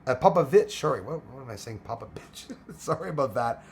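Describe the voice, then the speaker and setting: Livestream host, male, hoarse, rambling casual chat from home. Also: mid-range voice, expressive, a little fast, darkish tone. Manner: rambling, many fillers and restarts. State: hoarse, losing his voice. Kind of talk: casual chat reading viewer comments.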